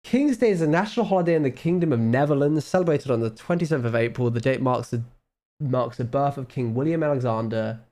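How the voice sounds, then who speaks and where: Under-the-weather male streamer, casual rambling chat, self-mocking, mid pitch. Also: fast talker, mellow. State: ill, low on energy. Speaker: live streamer.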